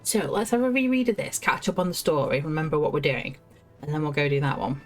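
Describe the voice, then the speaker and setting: Brief: woman, game streamer, lowish voice, chatty and giggly, faint music behind. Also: quick pace. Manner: chatty, giggly, talks to herself. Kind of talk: casual gameplay commentary, reading quest text aloud.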